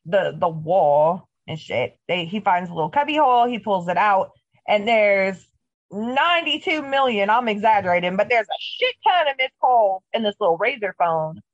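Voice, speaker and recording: A woman co-hosting a casual recap podcast, retelling a TV episode in an animated, profane way. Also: medium pitch, normal speed. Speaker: podcast co-host. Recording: dull lo-fi audio.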